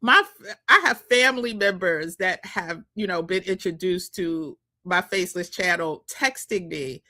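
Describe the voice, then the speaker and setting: A woman's voice: fairly low pitch, measured pace, pushed and bright. A woman with a New York accent, coaching viewers in a chatty vlog, laughing often. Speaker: social media coach. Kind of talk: casual vlog talk to viewers.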